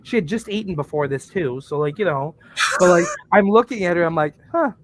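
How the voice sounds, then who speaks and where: A man's voice: fairly high pitch, brisk, background noise. A man on a podcast telling crude, joking stories in casual chat, laughing at his own jokes. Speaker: podcast co-host.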